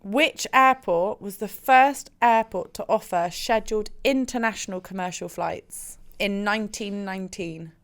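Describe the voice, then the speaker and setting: A woman co-hosting a podcast in casual chat, blunt, sweary and quick to giggle. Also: medium pitch, fairly bright tone. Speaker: podcast co-host.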